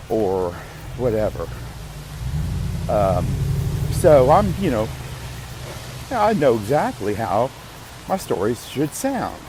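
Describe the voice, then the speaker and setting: A man's voice: medium pitch, a little mellow, slight background noise. A man hosting a podcast, rambling casually to himself with restarts and the odd curse. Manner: rambling, self-interrupting, occasional swearing. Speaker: podcast host.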